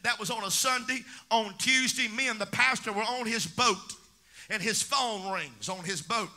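A man preaching a sermon in church, telling stories in quoted dialogue and building up to shouted, sing-song peaks. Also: high-pitched, moderate pace. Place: church sanctuary.

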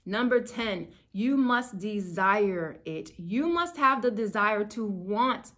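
A woman's voice: medium pitch, animated, slow, a bit bright. A woman in the middle of her range gives an informal faith lesson straight to her viewers. She talks in an earnest, chatty way with casual slang, and her voice climbs when she gets worked up. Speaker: spiritual YouTuber. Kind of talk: casual faith teaching to camera.

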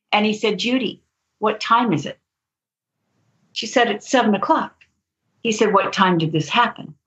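Woman guest author, lively storyteller, mid pitch, muffled lo-fi audio. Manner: animated storyteller, laughs often. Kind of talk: storytelling interview. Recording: dull lo-fi audio.

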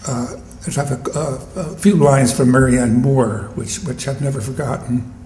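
A man reading at a poetry venue, chatting between poems in a wry, conversational way and pausing to restart a word now and then. He speaks slowly and deliberately, and the room gives his voice a noticeable echo. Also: medium pitch, darkish tone, a little hiss or hum. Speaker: poet reading his work. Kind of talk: live poetry reading with asides. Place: poetry venue, live audience.

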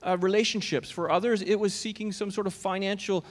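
Man, pastor, sermon, high voice, conversational, asks the room questions, long church-hall echo. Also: steady tone, a little fast. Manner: conversational, questions the congregation directly. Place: church auditorium.

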